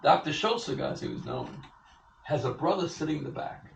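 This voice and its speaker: An older man in his sixties giving an animated storytelling speech to an audience at an event, acting out the people he quotes. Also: on the high side, a little fast, gravelly, slight background noise. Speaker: event speaker. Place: event hall. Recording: echoey room, far from the mic, dull sound, faint ambience.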